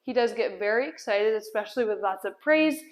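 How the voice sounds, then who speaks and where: A woman's voice: mid-range voice, expressive, fairly quick. A woman dog trainer explaining a puppy's sit and down stays while giving him firm commands indoors. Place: indoor room at home.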